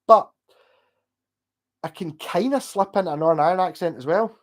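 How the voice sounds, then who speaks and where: A man with a Scottish Glasgow accent rambling in animated casual chat with his livestream viewers, swearing and laughing as he goes. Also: fairly high pitch, a little slow, long pauses. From Scotland. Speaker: streamer chatting with viewers.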